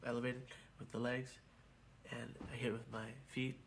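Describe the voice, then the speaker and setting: A man telling a personal story in a documentary interview, halting and repeating his words as he goes. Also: mid-range voice, level tone, a little hiss or hum. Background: music.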